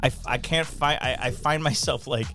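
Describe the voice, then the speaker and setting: A man's voice: mid-range voice, normal speed, over music. A man, a comedian guest on a podcast, trading crude jokes in loose banter. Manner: raunchy, joking, lively.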